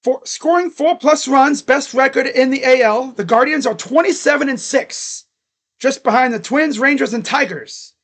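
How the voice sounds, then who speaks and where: A man calling a ball game live as a fan from his room at home, excitable, chatting to viewers and shouting at the players. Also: very high voice, normal speed. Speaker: fan streamer calling play-by-play. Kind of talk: live fan reaction and play-by-play. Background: dogs barking.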